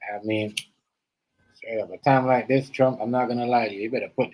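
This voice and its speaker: A man hosting a live stream, rambling through casual reaction commentary and swinging between loud outbursts and quiet asides. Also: medium pitch, fairly even intonation, brisk, low-quality recording. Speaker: stream host. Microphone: live stream setup.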